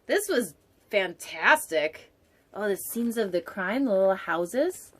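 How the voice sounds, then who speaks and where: Very animated yet slow, a woman with a mid-range voice hosts a storytime show, reading a picture book aloud. She drifts into playful, digressive jokes and occasionally drops to a whisper for an aside.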